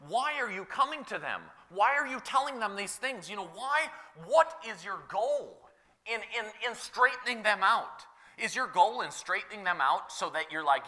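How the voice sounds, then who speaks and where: A high, lively male voice preaching in a church, swinging widely in pitch as he talks. His tone is very bright and sharp, and he keeps it loose and chatty, dropping in "you know" and short laughs. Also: normal speed. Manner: conversational, animated, lots of "like" and "you know", laughs often. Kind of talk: sermon.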